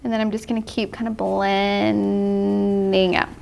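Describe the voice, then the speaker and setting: A woman's voice: mid-range voice, little pitch movement, measured pace, gravelly, a little mellow. Cheerful woman teaching watercolor live. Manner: cheerful, explains steps patiently, laughs often. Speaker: art instructor. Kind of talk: live painting tutorial.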